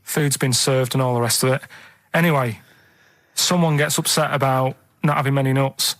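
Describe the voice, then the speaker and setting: A man in a radio studio telling a rambling story in casual banter, halting and flat. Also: mid-range voice, slight background noise. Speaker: radio show regular.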